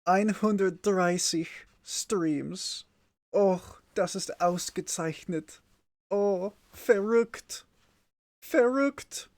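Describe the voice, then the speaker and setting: A squealing, hyper young German boy gamer, as a man puts him on, high-pitched and giddy, stretching his words out slowly. He bursts into shrill cheers between playful lines. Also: dry recording, heavily acted. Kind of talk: comedic put-on voice on a livestream.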